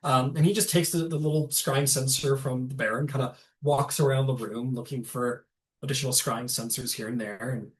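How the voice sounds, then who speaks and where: A man in the game master's chair, narrating the scene in a loose, casual way. His voice sits at an ordinary middle pitch, and he fills the gaps with ums and uhs. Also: fairly even intonation, moderate pace. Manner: casual, many fillers.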